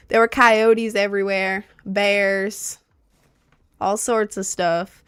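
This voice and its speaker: A woman's voice: medium pitch, level tone, takes it slowly, a bit bright, smooth, no room sound, studio quality. A young woman streamer from Maryland chatting casually and rambling as she reads viewer questions. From Maryland, USA. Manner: chatty, rambling, filler-heavy. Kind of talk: casual livestream chat, reading viewer questions.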